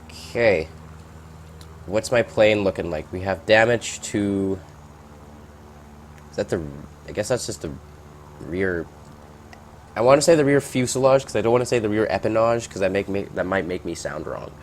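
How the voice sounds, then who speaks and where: A man giving casual, rambling gameplay commentary, reacting out loud and swearing at surprises. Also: fairly low pitch, normal speed, pauses often, a little hiss or hum.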